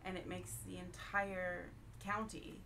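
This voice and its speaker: A woman's voice: on the low side, little pitch movement, slow pace, gravelly, distant mic, very noisy. A woman from England chatting at a game table, making wry, amused asides to the audience. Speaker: player and co-host. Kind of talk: casual chat at a game table.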